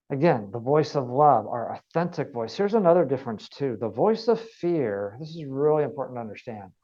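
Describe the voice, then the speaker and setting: A man's voice: mid-range voice, warm tone, dull audio. A man working as a wellness coach, giving an earnest motivational training talk and repeating phrases for emphasis.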